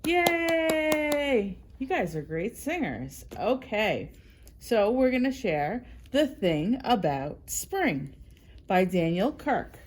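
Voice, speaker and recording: A woman leads a children's library storytime, her voice animated and sing-song. She reads in a slow, unhurried way, warm and encouraging toward young listeners. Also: medium pitch.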